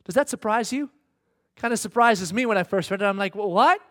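High-voiced preacher telling a story. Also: male voice, brisk, fairly bright tone. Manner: conversational, humorous storytelling. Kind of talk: sermon.

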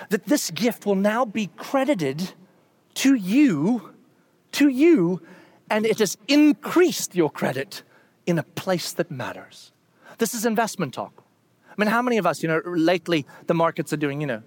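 Animated high-voiced man preaching. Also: dry recording. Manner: animated, acts out voices with big pitch jumps; casual and conversational, with fillers and restarts. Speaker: pastor. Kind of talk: sermon.

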